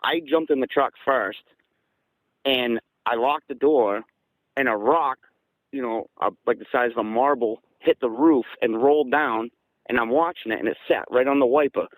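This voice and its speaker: A man from southeastern Massachusetts, a guest casually recounting events in an animated way and acting out the dialogue. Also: medium pitch, normal speed, no room sound, rough recording. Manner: animated, acts out quoted dialogue. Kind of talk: casual storytelling.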